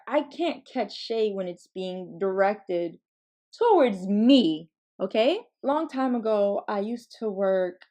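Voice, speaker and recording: A woman in her twenties hosting a podcast, telling comedic stories in a casual, animated way, laughing and swearing freely. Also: medium pitch. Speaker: podcast host.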